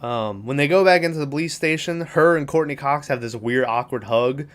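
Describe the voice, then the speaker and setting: Fairly quick and a bit bright, a man's medium-pitched voice carries a podcast recap of a film. As host, he rambles, swears, and acts out lines the characters say.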